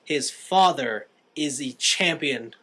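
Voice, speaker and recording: Taking his time in a mid-range voice, a young man recaps a movie on the podcast he co-hosts. The tone is casual, and he narrates vividly, acting out the characters' quotes.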